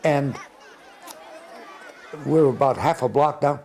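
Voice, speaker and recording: A man's voice: mid-range voice, slow pace, darkish tone, a faint crowd, a little hiss or hum. A man in his nineties from the United States, telling old war memories in a rambling way, chuckling and restarting often. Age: 90s. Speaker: interviewee recounting war memories. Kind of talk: oral history reminiscence.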